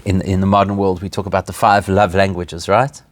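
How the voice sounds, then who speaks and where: Deep-voiced and a little fast, this rabbi delivers his weekly class in a flat manner, free of echo. He teaches casually, asks rhetorical questions, and laughs along with his own points.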